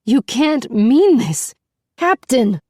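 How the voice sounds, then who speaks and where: A woman narrator putting on a frantic young princess from a spoken storybook, her voice leaping high into shrill, breaking cries. The tone is dark and mellow, and the room is dry. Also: sing-song, slow, no room sound, full character voice. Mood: frantic, shrieking.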